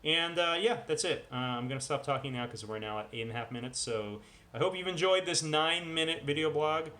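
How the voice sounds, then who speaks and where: A man's voice: a little high, brisk, pushed and bright. A man vlogging at home in casual chat, rambling and full of self-deprecating asides. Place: at home with dogs.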